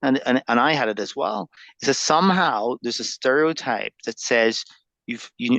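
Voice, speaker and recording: A man's voice: mid-range voice, moderate pace, gravelly, fairly bright tone, dry recording. A man, a podcast guest who muses and thinks aloud in reflective conversation. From Northern Ireland.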